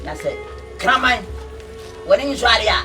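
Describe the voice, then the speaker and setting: A man from Ghana acting a talkative middle-aged village man in a film drama, chatty and animated, recorded with a distant mic under a film score. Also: high-pitched, a little slow, music in the background.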